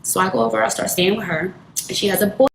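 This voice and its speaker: A young woman with speech tells a personal story at a rapid clip, slipping into the voices of the people she quotes. Her voice sits mid-range for a woman. She sounds roomy and echoey, with loud noise behind her. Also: medium pitch, creaky. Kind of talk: casual storytelling.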